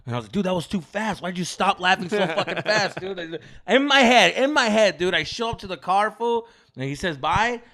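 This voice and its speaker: A young man with a high, bright voice races through a story in casual podcast chat. He talks fast and animated, full of slang and swearing, and keeps slipping into the voices of the people in his tale. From United States. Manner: animated, profane slang-heavy storytelling, acts out quotes. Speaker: podcast co-host.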